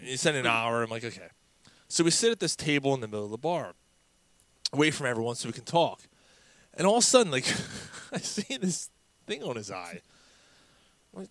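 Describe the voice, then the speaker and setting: A man with a bright, forceful voice tells bar stories in an easygoing, animated way. He laughs often and acts out his friends' lines. The sound is dry and close. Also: medium pitch, brisk, pauses often, no echo. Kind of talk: casual storytelling chat.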